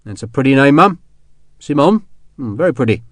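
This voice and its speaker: A man doing a gruff, chatty young sergeant. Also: mid-range voice, big pitch swings, a little fast, dry recording, close to an everyday voice. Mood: reassuring. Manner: rough, chatty soldier's talk. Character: gruff young male English sergeant, bluff and kindly.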